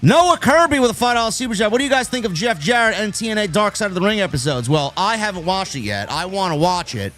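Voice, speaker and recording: With soft music in the background, this New York wrestling live stream host talks fast with few pauses in a high-pitched, sing-song, slightly bright voice. He rambles casually, keeps restarting, and reads out viewer messages.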